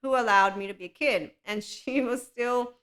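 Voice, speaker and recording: A woman hosting a podcast alone, talking in an animated, rambling way and laughing often. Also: fairly high pitch, normal speed. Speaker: podcast host. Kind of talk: solo podcast monologue.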